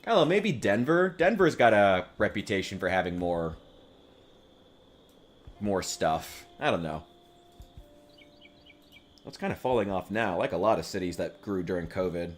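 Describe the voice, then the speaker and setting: A man's voice: low-pitched, animated, moderate pace, long pauses, slight background noise. A man streaming a game, chatting casually in a rambling, joking way, with frequent profanity and restarts. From United States. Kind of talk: casual gaming stream chat.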